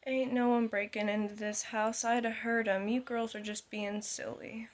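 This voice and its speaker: A woman voicing a drowsy dad who was woken at night and brushes off a scare in a low-key, mildly scolding way. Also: flat delivery, normal speed, close to an everyday voice. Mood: dismissive.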